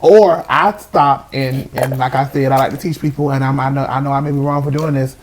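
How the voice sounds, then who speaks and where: A man's voice: mid-range voice, fairly even intonation, a little fast, few pauses, a little hiss or hum. A man in a casual podcast chat, easygoing and reflective as he tells a story. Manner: easygoing, reflective, laughs often. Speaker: podcast co-host.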